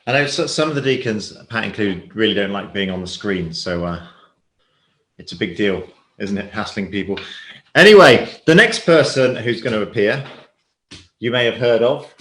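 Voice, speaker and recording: A man's voice: on the low side, expressive, a bit bright. Man, church host, friendly banter, stop-start phrasing, roomy sound. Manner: friendly, joking, halting. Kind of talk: casual livestream hosting.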